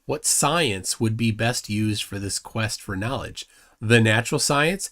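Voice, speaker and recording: A man's voice: fairly low pitch, a little slow, fairly bright tone. A man hosting a live stream, arguing combatively and mocking his opponent while reading chat comments aloud. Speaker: livestream host.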